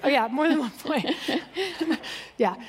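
A woman's voice: high-pitched, lively intonation, slow pace. A woman giving a humorous, self-deprecating personal testimony to a group, laughing often and acting out both sides of conversations. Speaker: speaker sharing testimony.

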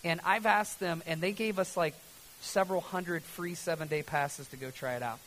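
Pastor guy preaching, bright voice, goes from shouting to near whisper, bit of hiss. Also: a little high, normal speed, low-quality recording. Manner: animated, swings from loud preaching to hushed near-whisper. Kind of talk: sermon.

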